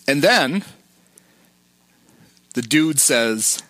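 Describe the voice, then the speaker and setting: A man's voice: medium pitch, expressive, normal speed, pushed and bright, dry recording. A man hosting a podcast, casually retelling film scenes and quoting lines. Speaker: podcast host.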